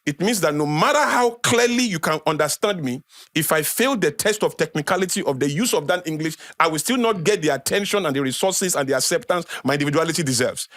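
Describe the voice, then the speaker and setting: A middle-aged man with a Nigerian accent holds forth as a podcast guest, driving his points home by repeating them. His voice sits a little high for a man. The sound is dry and close, with no room echo. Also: lively intonation, fast talker, a bit bright. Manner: emphatic, repeats phrases for effect, lecturing. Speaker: guest speaker. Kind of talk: passionate podcast talk.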